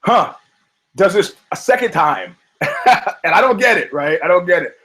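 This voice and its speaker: A podcast host with a high-pitched, expressive voice chats casually and profanely about fighting, rambling from one thought to the next and laughing often. He talks at a moderate pace in a fairly bright tone, and the recording is rough.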